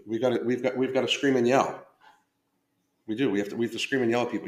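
A man's voice: medium pitch, fairly even intonation, fast talker, long pauses, a little mellow. A man hosting a casual live stream about his coaching, loose and profane, breaking off and restarting his sentences. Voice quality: loose, profane, self-interrupting talk. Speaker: podcast host and fitness coach. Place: indoor room at home. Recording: roomy echo.

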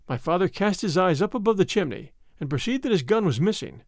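A man narrating a classic tale as an audiobook reading, in an expressive, dramatic manner. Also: sits high, fairly quick, hardly any pauses, dry recording, clean studio sound.

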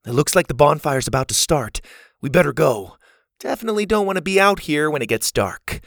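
A man reading a storybook voices a brisk, daring girl camper in a raised voice. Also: a little high, lively intonation, creaky, a bit bright, no echo, studio quality, voice pushed up. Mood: bold. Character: bold curious girl camper.

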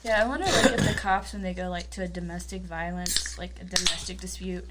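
A woman's voice: fairly low pitch, steady tone, a little fast, very noisy. A woman in casual chat, rambling with lots of fillers.

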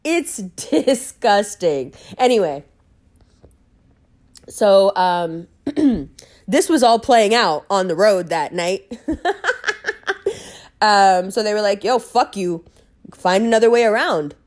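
A woman telling a story in a casual monologue, blunt and animated, swearing freely and laughing often. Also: on the low side.

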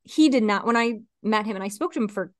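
A woman's voice: medium pitch, expressive, quick pace, no echo. Chatty woman in a dry studio. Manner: chatty, lots of fillers and laughter. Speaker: podcast co-host. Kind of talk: casual chat.

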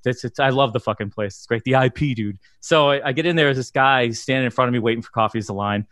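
A man's voice: medium pitch, fast, fairly bright tone, dry recording, clean studio sound. A man from the area, telling stories in a profane, rambling way on a casual podcast, laughing often. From Boston area, Massachusetts. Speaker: touring musician and podcast guest. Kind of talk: casual podcast chat, storytelling.

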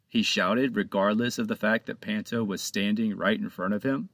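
A man narrating his own children's pirate storybook in a lively, expressive reading, close to the mic. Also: lowish voice, normal speed, no echo. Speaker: author and narrator.

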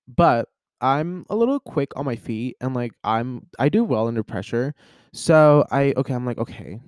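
A man in his twenties, a podcast host, telling a story in a chatty, animated way with lots of filler words. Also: mid-range voice, no room sound, clean studio sound. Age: 20s. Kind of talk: casual storytelling.

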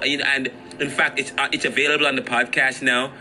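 A man hosting a street interview podcast outdoors, talking in an emotional, halting way with many restarts. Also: mid-range voice, little pitch movement, pushed and bright, slight background noise, rough recording. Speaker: podcast host.

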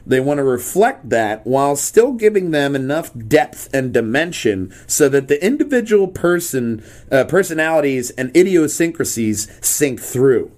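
A man's voice: on the high side, sing-song, moderate pace, few pauses, darkish tone. A man hosting a casual podcast, rambling and joking irreverently. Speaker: podcast host. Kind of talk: casual chat.

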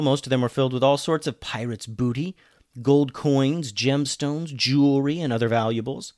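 A man narrating a children's adventure story with an expressive, animated delivery. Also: mid-range voice, no room sound, clean studio sound.

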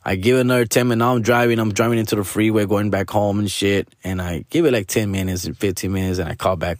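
A man's voice: on the low side, fairly even intonation, fast, hardly any pauses, dry recording, studio quality. A man telling a rambling, profane story in slangy English with Spanish mixed in.

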